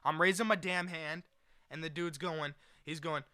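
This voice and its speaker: An excitable young man chats casually to his viewers in slangy talk. His voice is a little high, bright and crisp. The recording is dry and close. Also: dry recording. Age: young adult. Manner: excitable, slangy, quick swings in loudness. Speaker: vlogger. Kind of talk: casual chat.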